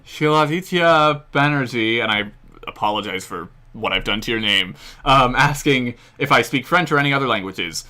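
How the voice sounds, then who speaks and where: An American man rambles through a relaxed live-stream Q&A, leaning on fillers and small chuckles. His voice is bright and forward, with a smooth, clean tone. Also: mid-range voice, moderate pace. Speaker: history channel host. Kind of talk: casual live-stream Q&A chat.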